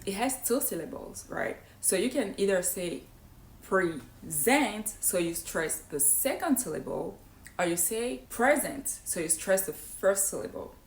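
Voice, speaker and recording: A woman's voice: fairly low pitch, reverberant. A woman who is not a native English speaker, teaching English pronunciation in an explanatory way and often checking in with "right?". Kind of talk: online pronunciation lesson.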